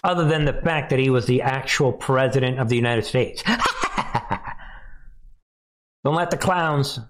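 A man's voice: medium pitch, expressive, slow, a bit bright. A man hosting a live news commentary, mocking the clips he plays, laughing often and speaking straight to his viewers. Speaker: commentary host.

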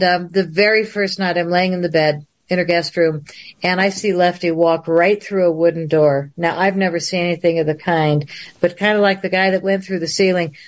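A woman guest on a livestream interview, telling a long story in an animated way and laughing often. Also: fairly low pitch.

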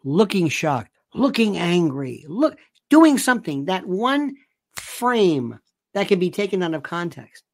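A man's voice: high voice, dry recording, clean studio sound. A man giving casual, emphatic commentary straight to his viewers, often repeating words to drive a point home. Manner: chatty, emphatic, repeats himself for stress. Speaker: online commentator.

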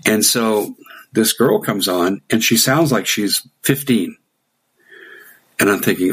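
A man's voice: on the low side, animated, normal speed, fairly bright tone, husky. A middle-aged man casually telling a long anecdote, acting out quoted dialogue with occasional chuckles. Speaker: guest telling a story. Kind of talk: casual storytelling.

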